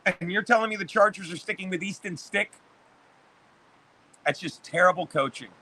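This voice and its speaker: High, bright-voiced profane man in his fifties. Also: normal speed, a little hiss or hum. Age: 50s. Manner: profane, rambling sports rant. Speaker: livestream host reading chat. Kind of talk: casual livestream chat.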